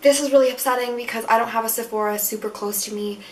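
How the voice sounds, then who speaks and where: A young woman with a fairly high voice talks her way through a product review. She is chatty and frank, with plenty of fillers. Her voice sits a little back from the mic, with faint room noise behind it. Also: fairly even intonation, fast, far from the mic. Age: young adult. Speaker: beauty vlogger. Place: room at school.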